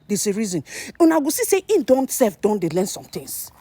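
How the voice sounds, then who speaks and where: A Nigerian woman vlogger with an animated manner, talking to her viewers in casual commentary. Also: medium pitch, brisk, no echo. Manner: animated, mixes Nigerian Pidgin and English.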